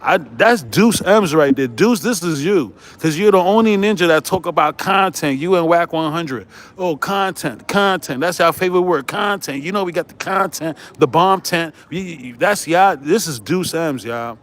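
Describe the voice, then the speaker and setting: A man's voice: on the high side, lively intonation, moderate pace, few pauses. A man hosting his own online channel, delivering a heated, profane rant in which he keeps asking "right?" and often breaks into laughter. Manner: profane, combative, repeats "right?"; laughs often while ranting. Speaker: YouTube host.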